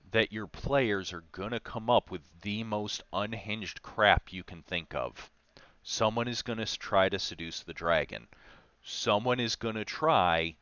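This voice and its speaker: A man's voice: lowish voice, pushed and bright, clear, resonant tone, dry recording, highs cut off. A man chatting on a livestream about running tabletop games, telling stories with wry asides. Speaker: game master streaming a talk on game design. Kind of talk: casual livestream talk.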